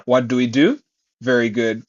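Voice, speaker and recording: A man teaching Mandarin pronunciation, saying each word twice and explaining it clearly. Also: mid-range voice, steady tone, normal speed, lo-fi sound. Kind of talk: pronunciation lesson.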